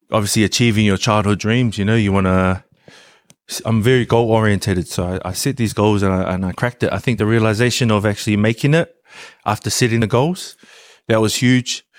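A man, a professional rugby player, telling an animated story in an interview with lots of laughs and fillers. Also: on the low side, no room sound, clean studio sound.

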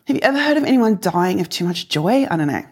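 A woman's voice: mid-range voice, fast, breathy edge. Earnest woman in her forties giving testimony. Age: 40s. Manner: earnest, emotional storytelling that swings from hushed to excited. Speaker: speaker sharing testimony. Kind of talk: personal faith testimony.

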